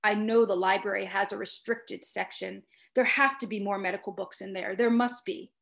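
A woman voicing an earnest young male medic who pleads with quiet insistence. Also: medium pitch, fairly even intonation, normal speed, vocal fry. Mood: earnest pleading.

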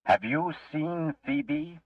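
A grieving old man, lost in his own mind, pleads and insists in a raised, wavering voice, as a man puts him on. The sound is dull and lo-fi, picked up from some way off the mic. It reads like a slow storybook telling. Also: fairly high pitch, animated, no echo, pitched above the performer's own voice, heavily acted. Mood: pleading insistent. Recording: muffled lo-fi, distant mic.

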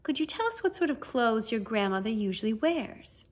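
A kindly middle-aged wizard teacher, as a woman reads him in a storybook reading. He explains things gently and cheerfully, coaxing his pupils along with calm encouragement. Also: a little high, moderate pace. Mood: encouraging. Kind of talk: fan audiobook reading.

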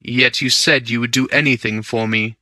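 A man voicing a charming, self-assured gentleman thief in an audiobook, with an easy, amused and persuasive way of talking. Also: medium pitch, steady tone, moderate pace, no room sound.

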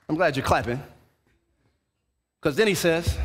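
A man preaching a sermon to his congregation, his fairly high voice leaping around in lively swings. He slips into quick put-on voices of grumbling churchgoers as he goes. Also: a faint crowd. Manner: animated preaching, acts out quoted voices of churchgoers. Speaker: pastor. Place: church sanctuary.

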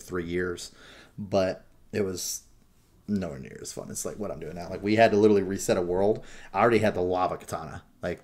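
A young man co-hosting a podcast, swearing freely and laughing a lot as he tells stories. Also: low voice. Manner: profane, animated, laughs a lot. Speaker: podcast co-host. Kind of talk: casual gaming chat.

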